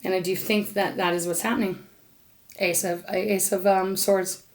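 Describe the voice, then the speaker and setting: A woman's voice: medium pitch, level tone, moderate pace. Earnest woman reading tarot cards. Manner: earnest, emotional, speaking straight to the viewer; talks aloud to Spirit between cards. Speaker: tarot reader. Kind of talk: unscripted intuitive tarot reading.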